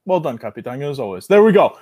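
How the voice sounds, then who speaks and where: A young man co-hosting a podcast in casual banter, loud and jokey as he reads an ad. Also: mid-range voice, sing-song, very fast. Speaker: podcast co-host.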